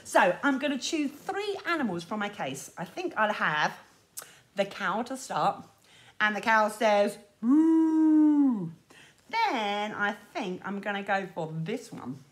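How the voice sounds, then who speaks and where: A woman leading a children's lesson, animated and sing-song, talking straight to little ones outdoors. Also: medium pitch, unhurried. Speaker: children's music teacher. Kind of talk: lively children's lesson with songs. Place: outdoors in sunshine.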